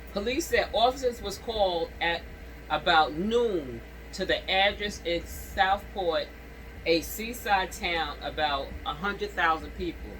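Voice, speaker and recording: Man reading news with halting stumbles. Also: high voice, sharp tone, a little hiss or hum, low-quality recording. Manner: reads haltingly with stumbles and restarts, breaks off to comment to viewers. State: coughing and clearing throat. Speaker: channel host reading and reacting to news. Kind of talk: news reading with casual commentary.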